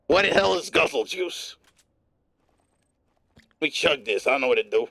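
A male streamer riffing through live gameplay in a put-on, gruff newsman voice. His gravelly tone swings up and down a lot, with a bright, sharp edge. It is a dry, close recording. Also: fairly high pitch, expressive, moderate pace, no room sound. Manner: talks in a put-on gruff newsman voice, profane and playful.

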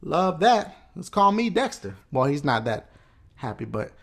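Brief: male let's play host, loud and excitable, heavy swearing, slow delivery with wild pitch swings, noisy recording. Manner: loud, excitable, swears a lot, shouts at the game. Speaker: gaming channel host.

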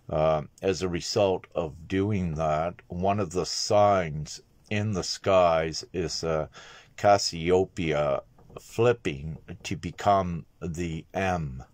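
Male spiritual teacher, deep low voice, dry close sound, measured and halting. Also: no room sound. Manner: measured, halting delivery with frequent filler pauses. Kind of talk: monologue video message.

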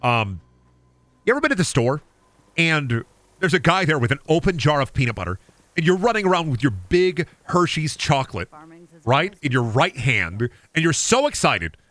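A man's voice: on the high side, big pitch swings, normal speed, fairly bright tone, no echo. A man who is a gaming streamer, riffing through absurd comedic stories on stream with frequent swearing. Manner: absurd, self-aware storytelling, swearing.

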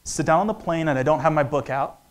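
Joking economics lecturer, fairly high voice. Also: male voice, fast talker. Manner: joking, conversational, acts out dialogue. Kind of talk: lively lecture talk.

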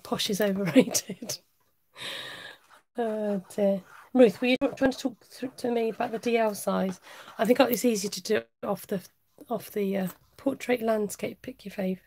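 An English woman with a slight West Country twang hosts a live craft stream, chatting warmly and laughing often with viewers while she works. Her mid-range voice has fairly even intonation at a normal speed.

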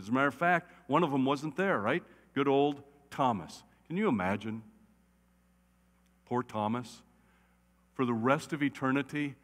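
A man preaching a conversational sermon as a pastor, animated and often checking in with "right?". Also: mid-range voice. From United States. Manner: animated, repeatedly asks "right?". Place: church sanctuary. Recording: long church reverb.

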